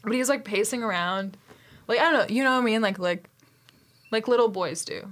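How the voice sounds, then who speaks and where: A woman's voice: a little high, a little fast, fairly bright tone. Rambling woman in casual comedic chat. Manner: rambling storyteller, heavy filler words.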